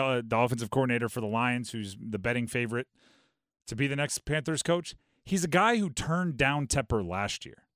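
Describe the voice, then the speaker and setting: A man hosting a sports talk radio show, talking in an animated, quick way and dropping into mock voices for bits. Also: a little high, no echo, studio quality. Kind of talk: casual sports talk monologue.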